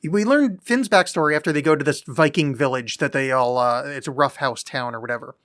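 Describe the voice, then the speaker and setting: A man's voice: mid-range voice, brisk, a bit bright, no room sound, studio quality. A man with a New Jersey accent co-hosting a casual podcast, joking around and laughing often. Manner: jokey, laughs often, puts on voices. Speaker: podcast co-host. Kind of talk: casual chat.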